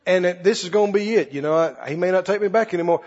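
An older man preaches in a high, husky voice that leaps up and down as he spins folksy stories. He goes from quiet asides to loud hollers. The recording is dull and carries a long hall echo. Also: fast. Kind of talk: sermon with storytelling.

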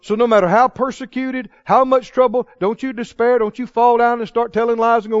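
A man preaching a sermon, chuckling often and swinging from hushed storytelling to loud proclaiming. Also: very high-pitched, expressive, normal speed, no room sound. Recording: dull lo-fi recording.

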